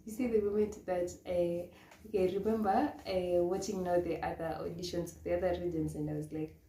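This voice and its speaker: A woman's voice: lowish voice, steady tone, normal speed, warm tone. A woman with a Kenyan accent, a pageant model coach, telling a story casually and laughing often, switching into Swahili now and then. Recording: echoey room with faint noise.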